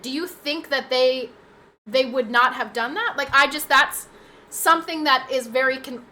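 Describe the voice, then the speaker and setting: A woman's voice: fairly high pitch, bright, forceful tone, slight background noise. A young adult woman streaming from home, chatting casually with her viewers, full of fillers and restarts. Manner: chatty, talks straight to chat with fillers and restarts. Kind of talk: casual live-stream chat.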